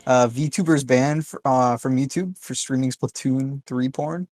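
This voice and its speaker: A man's voice: mid-range voice, unhurried, a little mellow, dry recording. A man co-hosting a podcast in casual chat, making dry, sarcastic quips. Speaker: podcast co-host.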